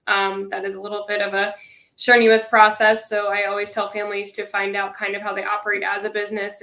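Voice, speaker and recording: A woman's voice: medium pitch, echoey room, rough recording. A woman co-hosting a casual advice chat, explaining with frequent fillers. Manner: flat, filler-heavy, explanatory. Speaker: co-host.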